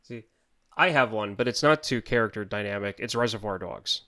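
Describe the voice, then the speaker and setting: A man's voice: lowish voice, fairly quick, pushed and bright. A man co-hosting a podcast, rambling and restarting his sentences in casual chat. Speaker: podcast co-host.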